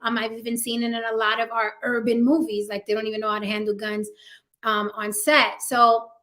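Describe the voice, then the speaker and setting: A woman's voice: a little high, flat delivery, fairly quick, a bit bright. A woman hosting her own live-stream talk show, chatting casually with many ums and "right?" asides, her voice a little worn. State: slightly losing her voice. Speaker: host.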